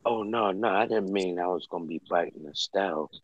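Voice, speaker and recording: A very deep-voiced man chatting as a livestream guest. He talks loosely and off the cuff, and sometimes gets excitable. The sound is dull and lo-fi. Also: fairly quick, no echo. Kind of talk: casual chat.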